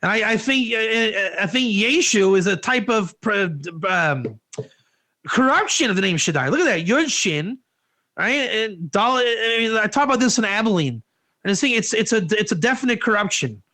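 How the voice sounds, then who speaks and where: A man with a high, bright voice gives an informal Torah class. He rambles from point to point and keeps throwing in rhetorical questions. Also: animated, normal speed. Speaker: Torah teacher.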